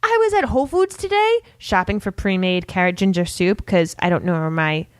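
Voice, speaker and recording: Lively chatty woman co-hosting. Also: on the low side, a little fast, no echo. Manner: chatty, excitable storyteller. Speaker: podcast co-host. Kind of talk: casual podcast chat.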